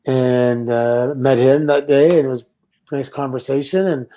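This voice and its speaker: A middle-aged man from Canada, a former wrestler, telling stories in a relaxed, casual interview. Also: medium pitch, normal speed. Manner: relaxed anecdotal storytelling with laughs and quoted voices. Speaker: guest, former pro wrestler.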